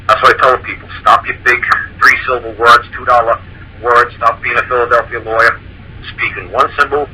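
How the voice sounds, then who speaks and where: A man's voice: medium pitch, slight background noise, low-quality recording. A man speaking casually on a talk show. He explains his points with animation, acting out the conversations he recalls and often repeating himself. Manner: animated, acts out quoted exchanges, repeats himself. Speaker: guest speaker on common law.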